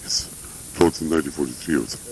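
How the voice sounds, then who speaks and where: A man's voice: very deep voice, rapid-fire, gravelly, a little hiss or hum, poor audio. An older man from Russia, reminiscing in a rambling, anecdotal way in an interview, full of asides. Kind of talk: reminiscing conversation.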